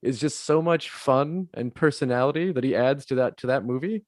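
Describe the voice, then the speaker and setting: Man, mid-pitched voice, podcast co-host, rambling casual chat, dry close sound. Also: normal speed, darkish tone, no echo. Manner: rambling, many "like" fillers, chuckling.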